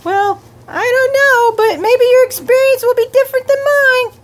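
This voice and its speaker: A woman's voice: very high-pitched, moderate pace. A mother playing a teasing, mock-stern office manager in a playful role-play game with her kids.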